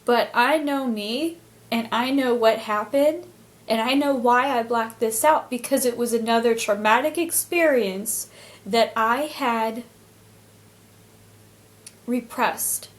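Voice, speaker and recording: A woman's voice: a little high, slow pace. A woman vlogger telling a personal story in an earnest, emotional way, faltering and restarting often.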